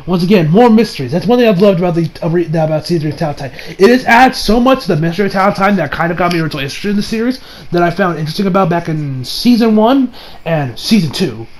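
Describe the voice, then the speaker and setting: A man giving a casual anime episode review, excitable and swearing, recapping scenes with mock quotes. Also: sits high, racing, slight background noise, poor audio.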